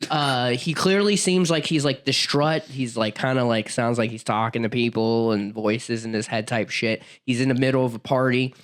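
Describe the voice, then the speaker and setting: A man's voice: medium pitch, fairly even intonation, moderate pace, few pauses. A young adult man co-hosting a horror podcast, rambling through a film recap with lots of fillers and swearing. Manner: rambling, filler-heavy, laughs often. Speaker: podcast co-host. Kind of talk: casual chat.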